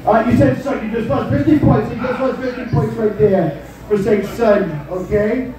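A man with a high, mellow voice does a lightly acted live stand-up impression of a brash, boastful older male politician, rambling, bragging, and tacking "okay?" onto his lines. He speaks at normal speed from far off the mic, and the low-quality recording has heavy reverb.

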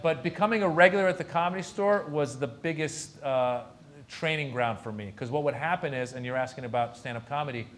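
A man with a slightly high voice, a comedian invited to a university lecture, answers Q&A questions with storytelling anecdotes. He voices the other characters' lines himself, over slight background noise.

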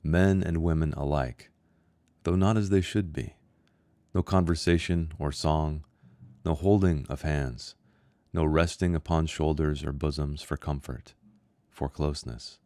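A man who is an author reading his own short story aloud in a measured, somber way. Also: very deep voice, fairly even intonation, warm tone, dry recording, clean studio sound. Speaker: author and host.

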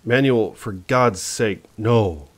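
Curt practical woman doctor, clipped commands, low storybook voice, read by a man. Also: slow. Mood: urgent.

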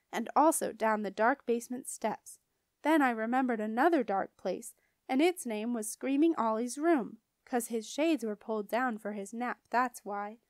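A woman reading a children's book aloud with lively first-person child narration. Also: a little high, no room sound, clean studio sound. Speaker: storybook reader.

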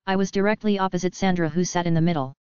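A low-pitched woman reading an audiobook in the first person, with a steady pace. Her voice is very clear and smooth, and the recording is dry and a little muffled. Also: rapid-fire, dry recording. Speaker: audiobook narrator. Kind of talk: scripted audiobook narration.

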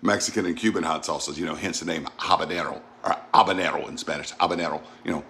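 A man's voice: low-pitched, steady tone, fast talker, a little hiss or hum. A middle-aged man from the Gulf South with a Southern accent, chatting folksily as he tastes food in a casual home cooking vlog. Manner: chatty, folksy, thinks out loud while tasting. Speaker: cooking vlogger.

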